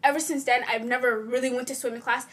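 A woman's voice: sits high, fairly even intonation, fast, fairly bright tone. A young woman chatting casually, candid and self-mocking. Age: young adult. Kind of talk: casual chat.

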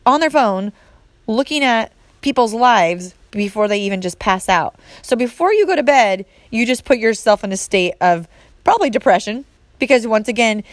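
A woman's voice: medium pitch, no room sound. A woman coach giving an emphatic motivational talk, speaking directly to the listener and repeating points for force. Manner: emphatic, repetitive, direct address. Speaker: fitness and mindset coach.

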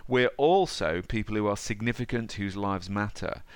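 A man hosting a podcast, enthusiastic and matey, sometimes reading passages aloud slowly. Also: lowish voice, clean tone, dry recording. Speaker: podcast host. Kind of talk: casual podcast conversation.

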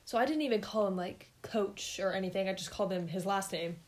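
A woman's voice: mid-range voice, quick pace. Sarcastic young woman co-hosting a podcast. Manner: sarcastic, animated storytelling with quoted voices. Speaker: podcast co-host. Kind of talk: casual chat.

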